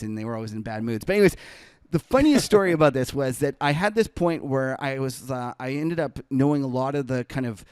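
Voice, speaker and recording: Rambling storytelling man, crisp dry sound. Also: medium pitch, a little mellow, dry recording. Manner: rambling anecdote full of fillers and self-corrections; laughs while telling the story. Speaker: trader and podcast co-host. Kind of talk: casual storytelling.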